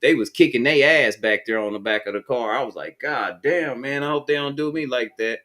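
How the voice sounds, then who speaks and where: A man's voice: mid-range voice, fairly quick, fairly bright tone. A man from Texas with a Texan accent, telling a profane, streetwise story in casual chat.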